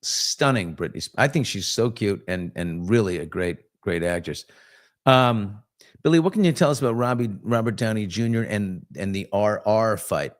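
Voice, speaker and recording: A man's voice: lowish voice, expressive, normal speed. A man hosting a casual live morning chat, reading out viewer comments and rambling through stories with many fillers and restarts. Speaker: talk show host.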